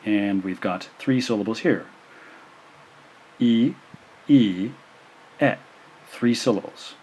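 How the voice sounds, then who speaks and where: A man narrates a recorded lesson in a somewhat low voice. He sounds out syllables slowly and deliberately, repeating each one, and fills pauses with "uh" as he explains. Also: warm tone, slightly rough. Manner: slow, careful pronunciation drills with frequent "uh" fillers. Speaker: language teacher.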